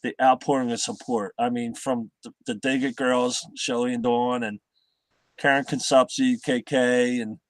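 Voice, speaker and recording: Middle-aged guy, halting storyteller, mid-pitched voice, dry sound. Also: fairly even intonation, no echo. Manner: halting, repeats words. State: recovering from heart surgery. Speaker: guest. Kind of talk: casual chat.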